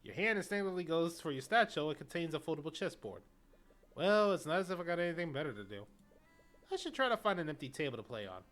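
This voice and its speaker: A woman's voice: sits low, sing-song, quick pace. A woman streamer reading a video game's story aloud in a casual way. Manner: casual, reads story text then chats. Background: faint game music.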